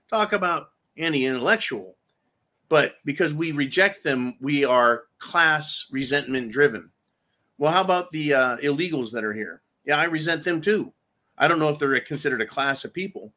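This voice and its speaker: A man's voice: a little high, expressive, normal speed, sharp tone. A man hosting political commentary, delivering an angry, profane, sarcastic rant and repeating himself for emphasis.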